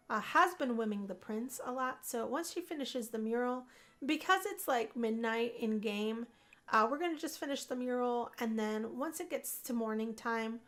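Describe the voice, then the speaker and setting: A chatty young woman narrating her life-simulation game in a relaxed Let's Play style. Her voice sits a little high, and her talk is upbeat and rambling. She often repeats a phrase to stress it. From Puerto Rican family. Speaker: gaming video host. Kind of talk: casual Let's Play commentary.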